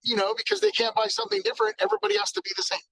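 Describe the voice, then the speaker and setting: A man giving an energetic sales training talk, acting out exchanges with customers. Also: extremely high pitch, rapid-fire, vocal fry, no echo, poor audio.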